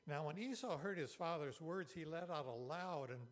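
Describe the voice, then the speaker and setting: A man's voice: a little high, expressive, normal speed, hardly any pauses. A man preaching a sermon as pastor, earnest and emphatic, repeating key phrases for weight.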